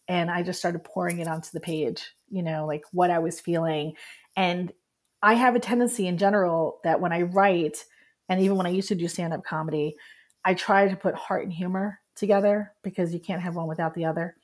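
Middle-aged woman guest, low-ish voice, candid and animated storyteller. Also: brisk. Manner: candid, animated, laughs while telling. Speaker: guest, writer. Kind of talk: emotional personal storytelling.

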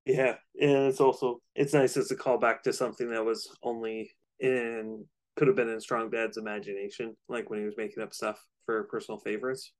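A man's voice: mid-range voice, level tone, a little fast, hardly any pauses. A man co-hosting a podcast in casual chat, rambling a little with fillers. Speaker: podcast co-host.

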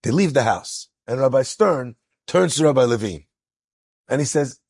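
Male rabbi storyteller, husky, dry close sound, animated delivery. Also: mid-range voice, normal speed, dry recording. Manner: animated, acts out quotes with rising excitement. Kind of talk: storytelling lecture.

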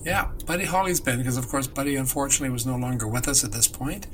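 A man from Canada co-hosting a casual chat about music history, enthusiastic and quick to laugh. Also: mid-range voice, fairly bright tone, slight background noise, rough recording. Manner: enthusiastic, storytelling, laughs often. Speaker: co-host.

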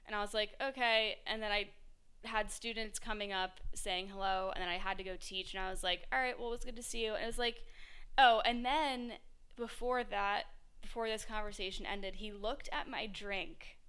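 Young woman podcaster ranting casually, swears a lot, smooth clear voice, plays out both sides of the chat. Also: medium pitch, steady tone, moderate pace, a bit bright. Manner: candid, swears freely, acts out both sides of conversations. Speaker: podcast host. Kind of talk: casual storytelling monologue.

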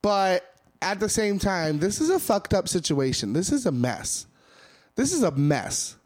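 A man's voice: sits high, sing-song, unhurried, a little mellow. A young man co-hosting a casual podcast, telling stories bluntly with plenty of swearing. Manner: profane, blunt storytelling. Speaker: podcast co-host. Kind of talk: casual chat.

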